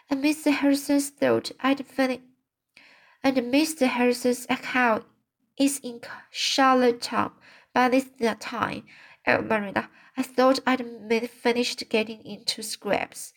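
Woman voicing young girl, impulsive, fretful, pleading, higher voice, unhurried storybook reading. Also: vocal fry.

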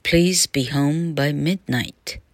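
A woman reading the lines of a kind fairy godmother slowly and clearly in a storybook lesson. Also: low voice, no room sound, heavily acted. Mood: kindly.

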